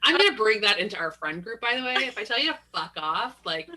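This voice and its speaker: A young adult woman co-hosting a podcast, chatting casually and telling lively, profane stories with quoted voices and frequent laughs. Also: mid-range voice, fast talker. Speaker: podcast co-host. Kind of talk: casual chat.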